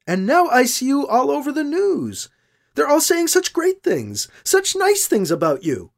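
Audiobook figure: a reader voicing a bitter unstable woman, shrill and accusing, voice leaping high. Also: huge pitch swings, a little slow, creaky, full character voice. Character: unhinged bitter woman confronting a man.

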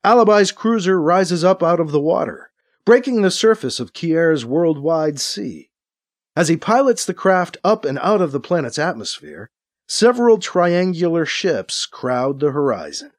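A man narrating a science-fiction radio drama with a clear storytelling delivery. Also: on the high side, expressive, unhurried, dry recording, studio quality.

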